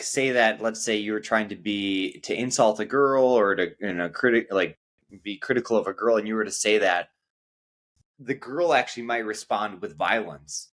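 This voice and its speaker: A young man explains words carefully in a casual English lesson. His voice is fairly low, and he pauses often on "um" as he works out his phrasing. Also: fairly bright tone. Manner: measured, hesitant with frequent "um". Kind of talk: casual conversational teaching.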